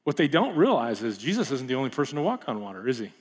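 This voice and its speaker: A man preaching a sermon in a casual, animated way, full of rhetorical questions and asides. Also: mid-range voice, fast, husky.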